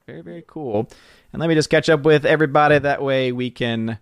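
A man's voice: fairly high pitch, brisk, clean tone, no room sound, studio quality. A man hosting a casual live stream, greeting viewers by name and reading chat comments. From southern United States. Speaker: livestream host.

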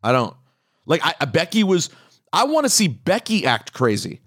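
A man with a somewhat high voice co-hosts a casual wrestling podcast. He talks bluntly and with opinion, pressing his points with emphatic repeats. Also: wildly swooping pitch, normal speed, fairly bright tone. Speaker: podcast co-host.

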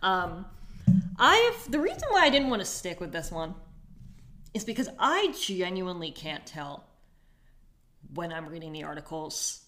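Giggly young woman with lively pitch. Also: unhurried, long pauses. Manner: giggly, reads quotes in put-on accents. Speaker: podcast co-host. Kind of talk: casual chat.

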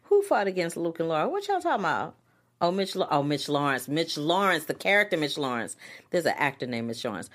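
A woman co-hosting a casual podcast chat about a soap opera, animated and quick to laugh. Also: deep voice. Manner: animated, laughing, drawn-out reactions. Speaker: podcast co-host.

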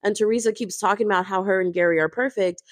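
A woman's voice: medium pitch, fairly even intonation, fast talker, no room sound, clean studio sound. A woman chatting in a gossipy way, recapping a reality show with lots of "like". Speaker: host.

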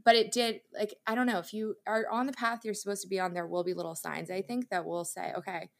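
A young woman sits down as a podcast guest and talks through her story in a loose, conversational way. Her voice sits at an ordinary middle pitch. She is candid and chatty, laughing easily as she goes. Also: little pitch movement, quick pace, gravelly. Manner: chatty and candid, laughs often, lots of fillers. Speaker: interior designer and content creator, podcast guest. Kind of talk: casual interview storytelling.

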